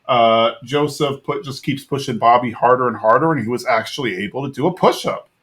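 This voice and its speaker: A man in his thirties co-hosting a podcast, recapping a cartoon episode in a rambling, animated way with lots of filler words. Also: mid-range voice, brisk. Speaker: podcast co-host.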